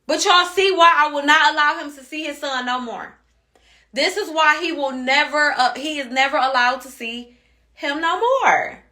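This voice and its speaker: An upset mother rants on social media with a bright, sharp voice. She cusses, circles back to the same points and stays heated throughout. Her pitch sits high for a woman. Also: moderate pace. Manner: heated, cussing, repeats herself. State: upset and angry. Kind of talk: angry social media rant.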